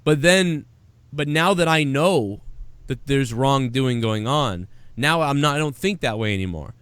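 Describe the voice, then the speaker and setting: A man's voice: medium pitch, animated, unhurried, fairly bright tone, clear, resonant tone, no room sound. A man hosting a live stream, chatting casually, rambling and swearing, and reading out viewer donations. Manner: rambling, profane, reads out donations. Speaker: show host.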